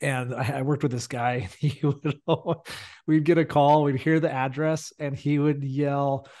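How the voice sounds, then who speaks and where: A man's voice: medium pitch, level tone, a little slow, dark tone. A man co-hosting a firefighter podcast, telling work stories in a chatty way with lots of fillers. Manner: chatty, lots of "like" and "you know". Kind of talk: casual storytelling.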